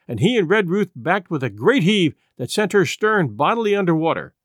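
Male audiobook narrator, measured and even, light-pitched voice, dry close sound. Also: no room sound. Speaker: audiobook reader. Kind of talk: scripted narration.

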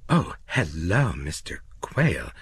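Man doing a coy, breathy receptionist. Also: low voice, big pitch swings, slow, full character voice.

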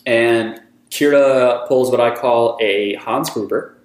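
A man's voice: medium pitch, takes it slowly. Man recapping a show in an echoey room. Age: 30s. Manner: animated storytelling, acts out characters' lines. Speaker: podcast host. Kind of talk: casual chat recapping an anime episode.

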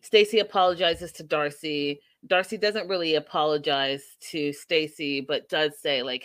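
A woman's voice: low-pitched, normal speed, few pauses, no echo. A woman hosting a casual reality TV recap show, talking animatedly, laughing and acting out what people said. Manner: animated, laughing, acts out quotes. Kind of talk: casual recap and review chat.

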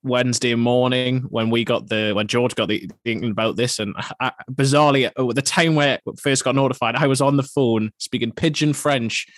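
A man's voice: mid-range voice, fairly even intonation, brisk, hardly any pauses, no echo. A man co-hosting a podcast, telling a self-deprecating story in casual chat. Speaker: podcast co-host, journalist.

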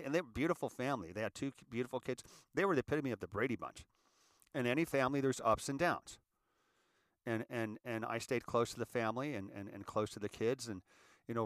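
Halting, heartfelt middle-aged man. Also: mid-range voice, no room sound, studio quality. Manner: halting, repeats words, grows animated. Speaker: podcast host. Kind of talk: heartfelt monologue.

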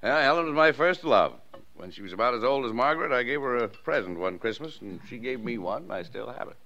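A man's voice: medium pitch, animated, fast talker, bright, forceful tone. An actor playing an easygoing small-town father who soothes and humors his daughter in 1940s radio acting. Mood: nostalgic. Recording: dull old radio broadcast.

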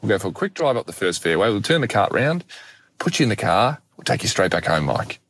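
A man voicing his stubborn, cheeky father, calm and coaxing. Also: lowish voice, brisk, slightly rough, heavily acted.

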